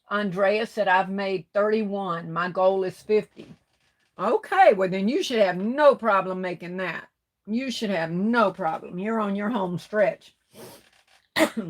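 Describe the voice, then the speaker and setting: A middle-aged woman hosting a livestream, reading viewers' comments and greeting each by name as sweetheart and baby, saying y'all. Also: medium pitch. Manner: Southern-style speech with y'all. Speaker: livestream host reading chat. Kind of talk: casual live-stream chat.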